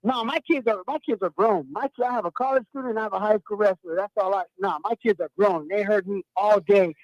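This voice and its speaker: A high-voiced middle-aged man calls in from the US West Coast and rants loud and slangy. His voice comes over a dry phone line with no room sound around it. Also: fast talker, dry recording. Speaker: caller. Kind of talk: call-in fan rant.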